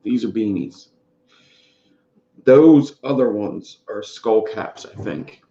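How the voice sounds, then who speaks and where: Gravelly lo-fi man rambling on a stream. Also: lowish voice, slow pace, mellow. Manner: rambling, greets chat by name. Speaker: vape reviewer streaming live. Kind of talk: casual live-stream chat. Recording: dull lo-fi sound in an echoey room.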